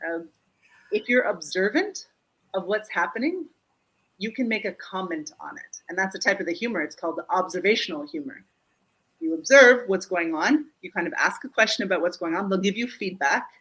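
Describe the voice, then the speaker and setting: A woman from Germany, a speaking coach, talking in a live online interview in an animated, joking way, often checking in with "Yeah?". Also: medium pitch, slightly rough, poor audio. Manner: animated, joking, quick asides. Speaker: guest speaker and humor coach. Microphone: video call.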